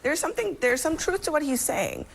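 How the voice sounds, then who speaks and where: A woman's voice: high-pitched, very animated, fairly quick, creaky. A woman anchoring a cable news panel, talking in a direct, conversational way.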